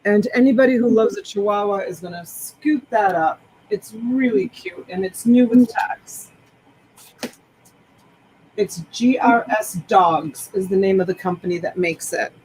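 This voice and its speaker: A woman's voice: medium pitch, measured pace, darkish tone, slight background noise, rough recording. A woman hosting a live selling stream, chatting enthusiastically as she describes each clothing item. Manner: enthusiastic, rambling product descriptions. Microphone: desktop USB microphone.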